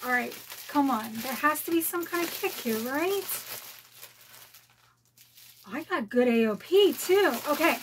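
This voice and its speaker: A middle-aged woman chatting excitedly at home as she unboxes a collectible bag, gasping and gushing. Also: high voice, moderate pace, hardly any pauses, a little hiss or hum. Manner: gushing, gasping, repeats "oh my" exclamations. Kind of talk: excited unboxing vlog chat. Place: home, dogs barking nearby.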